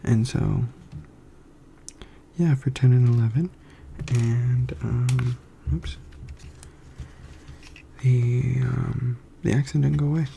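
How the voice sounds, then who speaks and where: A young man from the United States rambling in soft-spoken ASMR, meandering with many fillers. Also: medium pitch, steady tone, slow pace, gravelly, pauses often, slight background noise. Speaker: ASMR creator.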